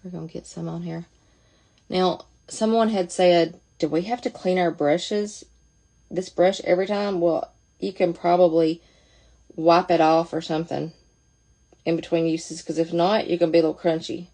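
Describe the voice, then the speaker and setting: A woman's voice: on the low side, fairly even intonation, normal speed, mellow. A woman talking casually through a makeup demonstration, chatty and thinking aloud as she goes. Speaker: makeup seller demonstrating products.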